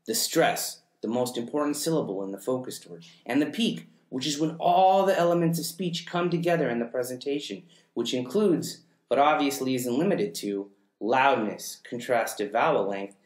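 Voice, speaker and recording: A man giving a class presentation, reading from prepared notes in a measured, explanatory way. His voice sits at an ordinary pitch and rings out in a roomy, echoing space. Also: expressive. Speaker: student presenter. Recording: roomy echo.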